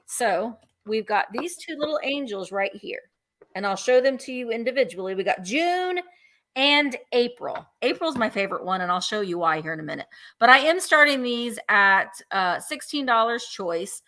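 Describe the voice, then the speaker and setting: A woman's voice: fairly high pitch, animated, normal speed, pushed and bright. A woman hosting a live vintage sale, chatting playfully and counting down bids. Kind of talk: live auction selling chat.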